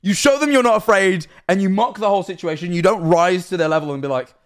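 A man's voice: high voice, fast. A young man casually reacting to videos on stream, rambling, swearing freely and laughing often.

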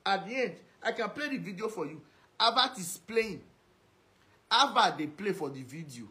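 A man with a high-pitched voice and a Nigerian Pidgin accent, ranting straight at someone in a video message. He scolds and insults, hammering the same put-downs again and again. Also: expressive, moderate pace, pushed and bright. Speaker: social media commentator.

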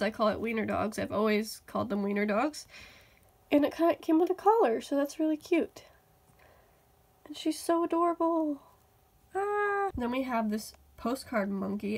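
A woman vlogger unboxing a toy haul, gushing and excitable, often exclaiming over how cute things are. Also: sits high, vocal fry. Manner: gushing, excitable, many "oh my goodness".

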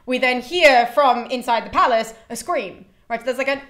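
Casting: lively YouTube presenter, woman, fairly high voice, chatty and irreverent. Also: fast, few pauses. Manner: animated, chatty, swears, laughs. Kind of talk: casual summary of a classical play.

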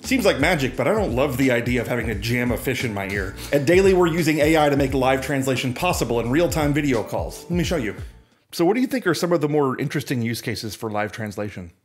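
A man narrates a scripted tech explainer in a breezy, upbeat tone, his voice sitting at an ordinary middle pitch. Soft music plays faintly underneath. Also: animated, fast. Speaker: presenter demoing software.

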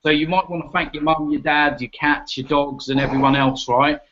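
A man's voice: fairly high pitch, level tone, moderate pace, a bit bright. A man in a heated football debate, mocking and ranting, with the odd swear. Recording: muffled lo-fi audio.

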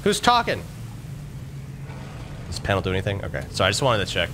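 A man giving casual, excitable commentary over gameplay, talking to his viewers and speculating. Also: on the low side, a little fast, noisy background. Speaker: gaming YouTuber.

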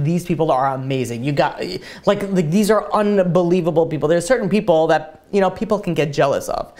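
A rabbi tells a story from the pulpit. He acts out every character's lines, with his pitch swinging widely, and leans on fillers as he goes. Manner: animated storyteller, acts out dialogue, many fillers. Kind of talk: storytelling sermon.

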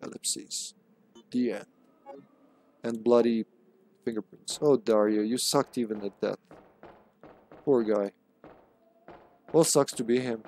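A man's voice: medium pitch, measured pace, pauses often, dark tone. A man streams a horror game live and comments as he plays. He jokes and throws in sarcastic asides. He talks back to his viewers in a casual way. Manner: joking, sarcastic, chatting with viewers.

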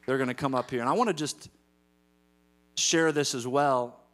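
A man preaching a sermon as pastor in a church, moving between storytelling and loud emphatic calls to the congregation. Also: medium pitch, moderate pace. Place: church sanctuary.

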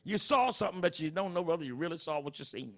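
A middle-aged male pastor preaching with a gravelly, rough-edged voice. His tone is bright and forceful and sits a little high. He drives his points home emphatically and keeps asking the congregation whether they follow. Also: expressive, fast talker. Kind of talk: sermon.

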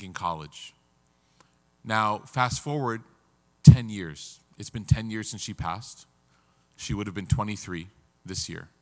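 A man, a religious teacher telling a moving story in an earnest, halting way, his voice breaking with emotion. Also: on the low side. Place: community center hall. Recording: reverberant lecture hall.

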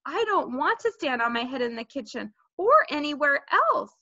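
A woman's voice: high-pitched, very animated, normal speed, bright, forceful tone, dry recording, voice pushed up, full character voice. A woman voicing a sulky, defiant fourth-grade boy, in a dull lo-fi recording.

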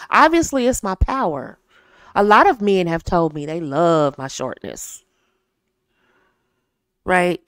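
A woman's voice: medium pitch, clear, resonant tone, dry recording, studio quality. An American woman in her thirties, hosting and giving confident, casual dating advice to women, often laughing and acting out bits of dialogue.

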